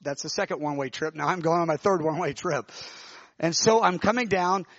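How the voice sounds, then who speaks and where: High-voiced preacher telling a vision. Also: male voice, fairly quick, dry recording, lo-fi sound. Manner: animated, emotional storytelling with many restarts. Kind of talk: sermon testimony, telling a vision.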